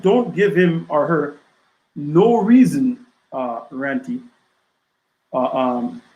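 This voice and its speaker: A man speaking as an author and guest on a casual podcast. His voice sits somewhat high for a man, and he drives his points home with rhetorical questions and a running "right?". The recording has a noticeable room echo. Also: darkish tone.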